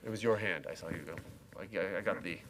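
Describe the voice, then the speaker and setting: A man's voice: low voice, quick pace, background noise. A middle-aged man lecturing a university class, chatty and self-mocking, talking straight to his students. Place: lecture hall.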